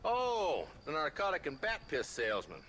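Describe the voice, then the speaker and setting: An actor playing a weary, sarcastic frontier town marshal in a video game, with a dry drawl. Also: male voice, on the high side, huge pitch swings, moderate pace, fairly bright tone. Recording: game audio with faint noise.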